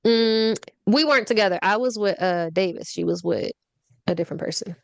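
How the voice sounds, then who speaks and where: Brief: young woman, podcast host, animated storyteller who acts out quoted lines, close dry sound. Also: medium pitch, brisk, vocal fry, no echo. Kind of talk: casual storytelling chat.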